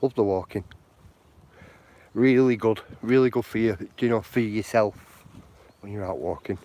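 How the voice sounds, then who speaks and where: A man's voice: lowish voice, moderate pace, dark tone. A man chatting outdoors on a live walk, rambling and encouraging, with lots of "you know". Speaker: walking vlogger. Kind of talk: live walking chat. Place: outdoors on footpaths.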